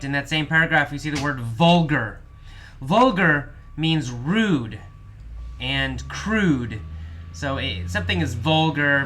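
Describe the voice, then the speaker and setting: A man teaching English vocabulary, patiently explaining each word with slow, repeated restatements. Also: mid-range voice, sharp tone, a little hiss or hum. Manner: patient, repeats definitions slowly with many restatements. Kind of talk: vocabulary lesson explaining words.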